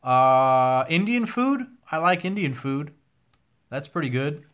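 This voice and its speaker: A man's voice: mid-range voice, slow pace, a bit bright, clear, resonant tone. A young man answering viewer questions on a casual livestream, candid and a bit profane, his voice wearing out. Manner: candid, swears now and then, reads chat questions aloud. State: losing his voice.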